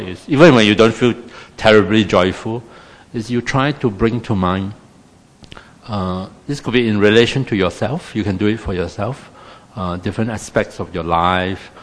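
A Singaporean man, speaking Singaporean English, runs a meditation class with a chatty, wry, self-deprecating style and little tag questions along the way. His somewhat low voice carries a long reverb, as though he were in a hall.

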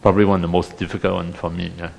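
A Singaporean man teaches a meditation class in a wry, chatty, self-deprecating way, tossing in little tag questions as he goes. His voice sits somewhat low. It carries a long reverb, as if he were speaking in a hall. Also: little pitch movement, rapid-fire, vocal fry, a little mellow. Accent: Singaporean English.

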